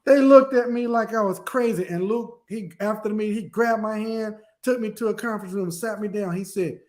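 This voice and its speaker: A middle-aged man with a notably high voice tells a story as an interview guest. He acts out the dialogue of the people in it with animated delivery. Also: brisk, few pauses. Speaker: guest speaker.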